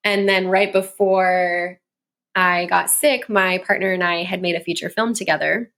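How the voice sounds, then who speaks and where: A woman in her thirties, a communication coach and musician, appears as a guest on an interview show for a casual chat. Her voice is on the low side, steady, a little slow, and fairly bright, and she tells stories chattily while laughing often.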